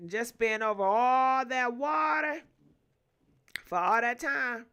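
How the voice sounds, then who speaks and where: A woman's voice: a little high, slow, sharp tone, clear, resonant tone. A young woman, hosting a casual gossip livestream, reading viewer comments aloud, laughing often and humming to herself between them.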